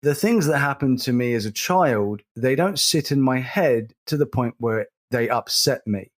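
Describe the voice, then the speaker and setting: A man, co-hosting a casual podcast, speaking earnestly and slowly, repeating words as he stresses a point. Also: mid-range voice, lively intonation. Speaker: podcast co-host.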